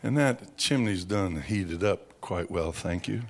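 A man preaching by telling a dramatic story, slow and vivid, acting out sounds and voices. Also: low voice, animated. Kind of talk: storytelling sermon.

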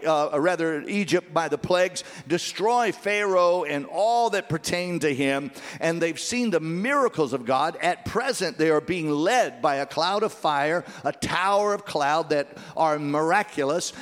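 A man with a high voice delivers an earnest sermon. He retells the passage and then presses its point, rising to emphatic peaks. His voice carries a long reverb from a large hall. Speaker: preacher.

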